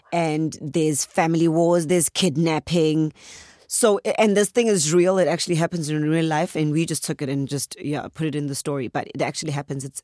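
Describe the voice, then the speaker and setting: A woman from South Africa with a Zulu accent, an actress talking lively in a radio studio interview with frequent ums. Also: deep voice, no echo. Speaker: actress, guest. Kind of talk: conversational interview.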